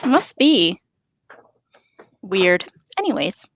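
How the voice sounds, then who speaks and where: A woman's voice: medium pitch, sing-song, very slow. A woman co-hosting a podcast, chatting casually and making dry wisecracks. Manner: dry wisecracks, chatty asides while knitting. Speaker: podcast co-host.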